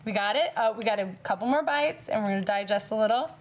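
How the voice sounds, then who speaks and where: A woman's voice: mid-range voice, lively intonation, fast talker. A woman appearing as a guest cook, chatting through a recipe with lots of fillers. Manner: chatty, instructive, with many fillers. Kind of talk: cooking demonstration. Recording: noisy studio audio.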